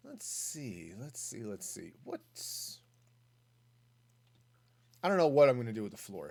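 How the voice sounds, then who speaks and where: Chatty streamer with a lively voice. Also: mid-range voice, measured pace, vocal fry, long pauses. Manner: chatty, thinking aloud, reading chat. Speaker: game streamer. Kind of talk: casual gaming stream commentary.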